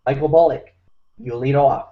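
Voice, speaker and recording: A man's voice: mid-range voice, fairly even intonation, normal speed. A man hosting a wrestling recap show, talking with emphatic, preacher-like force. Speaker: podcast host. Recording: muffled lo-fi audio.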